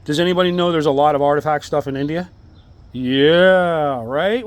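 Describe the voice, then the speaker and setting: Excitable rambling man showing stones. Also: on the high side, moderate pace, clear, resonant tone. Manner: excited, rambling, jumps between topics. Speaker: amateur artifact collector. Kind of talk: casual show-and-tell monologue.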